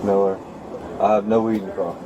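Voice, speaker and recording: A man's voice: fairly low pitch, flat delivery, fairly quick, dull audio, heavy background noise. A man questioned by police, talking in a hesitant, rambling way full of fillers, heard through an officer's body camera. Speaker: trespassing suspect being questioned. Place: outside a vacant house.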